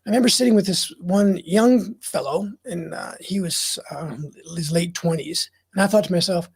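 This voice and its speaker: A man's voice: sits high, moderate pace, few pauses, slightly rough. A middle-aged man as an interview guest, telling his story in a frank, earnest way. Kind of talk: candid interview talk.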